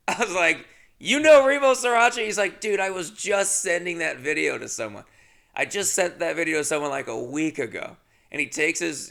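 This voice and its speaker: Gravelly man telling a rambling story. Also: medium pitch, sharp tone. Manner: acts out both sides of dialogue, rambling and self-deprecating. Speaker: podcast host. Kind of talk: comedic storytelling monologue.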